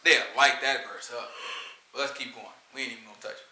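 A man teaching scripture in an informal, conversational sermon, slangy and animated, often checking in with "right?". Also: mid-range voice, fast talker, reverberant. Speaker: teacher leading a scripture study.

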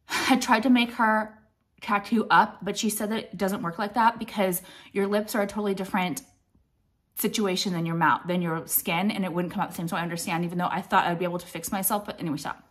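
A woman's voice at a normal middle pitch, fairly quick, fairly even in intonation and a bit bright, belongs to a late-thirties beauty vlogger. She rambles through her makeup routine bluntly, swearing as she goes and sounding a little out of breath.

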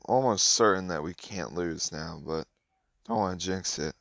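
A man with a very low, deep voice talks through a mobile card game in an offhand, muttering way. The sound is dry and close, with no room around it. His commentary stays relaxed and conversational. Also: moderate pace, creaky, dry recording. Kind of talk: casual gameplay commentary.

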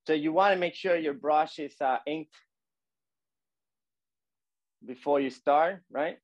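A man teaching a calligraphy lesson while demonstrating, talking in a relaxed, repetitive coaching way with many fillers. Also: fairly high pitch, moderate pace, no echo, highs cut off.

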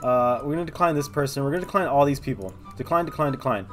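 Excitable fast-talking young man gaming. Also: mid-range voice, soft background music. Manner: excitable, talks to viewers, thinks aloud. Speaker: gaming video host. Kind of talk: casual gameplay commentary.

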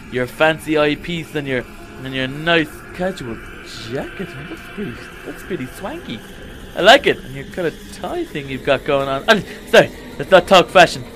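A man's voice: on the high side, fairly bright tone, slight background noise. A man voicing an anxious, talkative young male shark hero in a Minecraft role-play, stammering and rambling when scared. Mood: awkward, pleading.

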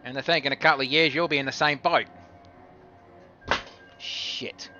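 A man's voice: on the high side, steady tone, rapid-fire, pushed and bright, highs cut off, soft background music. A man playing along on a game stream, joking dryly and swearing casually. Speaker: co-player on stream.

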